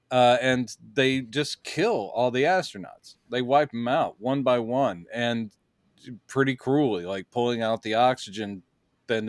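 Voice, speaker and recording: A man's voice: mid-range voice, no room sound. Chatty man in a dry, close recording. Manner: animated, acts out quoted lines in silly voices. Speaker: podcast co-host. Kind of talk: casual movie breakdown chat.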